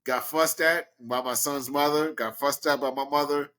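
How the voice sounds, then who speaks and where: A man from Brooklyn, a guest in an interview, telling a story casually and animatedly, acting out the people in it with big leaps in pitch. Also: fairly even intonation, moderate pace, a bit bright. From Brooklyn, New York. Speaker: guest, professional wrestler.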